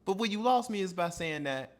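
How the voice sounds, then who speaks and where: A man breaks in to comment on a story he plainly doubts. He talks very fast in a somewhat high voice. His tone stays incredulous and skeptical throughout. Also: lively intonation. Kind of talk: reaction commentary.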